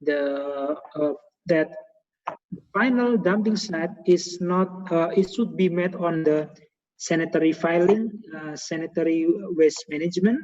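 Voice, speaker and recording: A man's voice: on the high side, measured pace, a little mellow. A man with an Indonesian accent hosting a webinar, speaking hesitant English with many fillers and repeated words. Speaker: host of a guest lecture webinar. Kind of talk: hesitant conversational English on a video call. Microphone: video call. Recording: echoey, muffled video call audio.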